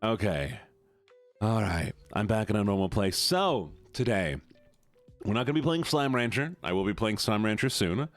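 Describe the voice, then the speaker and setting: A man's voice: lowish voice, normal speed, faint music behind. A man streaming live and chatting casually and animatedly with his viewers. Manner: animated, chatty, talks straight to chat.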